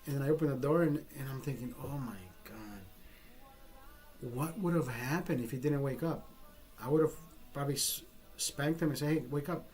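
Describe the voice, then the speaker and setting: A man's voice: medium pitch, moderate pace, darkish tone, soft background music. A man telling a personal story in a casual vlog, rambling and swearing freely with frequent restarts. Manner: profane, rambling, self-interrupting. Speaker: vlogger.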